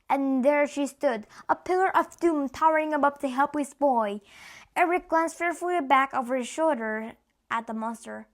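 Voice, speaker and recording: Woman narrator, high voice, steady read-aloud. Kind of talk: reading a novel aloud.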